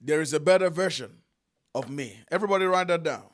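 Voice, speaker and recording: A man preaching a sermon, emphatic, repeating phrases and drawing out key lines with long pauses. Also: a little high.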